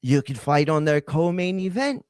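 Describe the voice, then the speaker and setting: A man's voice: fairly high pitch, animated, moderate pace, smooth, dry recording, lightly acted. Man putting on a scheming British promoter. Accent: mock British. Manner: exaggerated cockney slang, sly persuading.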